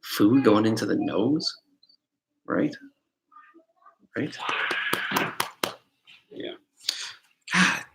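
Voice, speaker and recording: A man's voice: fairly low pitch, animated, drawn-out words, creaky, pauses often, heavy background noise. Guy doing a casual live stream study lesson, kinda rambly, keeps asking viewers stuff, middle-aged. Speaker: test prep instructor. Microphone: computer mic on a live stream.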